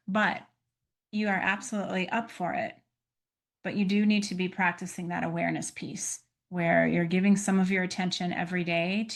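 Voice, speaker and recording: A woman astrologer giving a weekly forecast talk, speaking in a gentle, earnest, coaching way and laughing easily between points. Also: mid-range voice.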